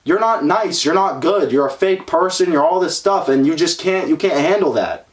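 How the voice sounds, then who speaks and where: Young guy ranting about mindset on a podcast, swears a lot, high voice, sits back from the mic. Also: animated, moderate pace, recorded from a distance. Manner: blunt, profane and preachy. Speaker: podcast host. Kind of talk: self-improvement podcast talk.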